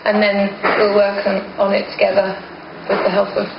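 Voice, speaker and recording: Woman in a band chatting, laughs a lot, gravelly voice, hissy muffled roomy tape. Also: medium pitch, completely flat delivery, normal speed. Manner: laughing, joking, trailing off. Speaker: band member interviewed. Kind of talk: casual chat. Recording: muffled, noisy, echoey old recording.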